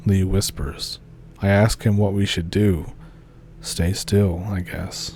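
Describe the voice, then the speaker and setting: A man reading a scary first-person story aloud in a steady, low-key scripted narration. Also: slow, faint music behind.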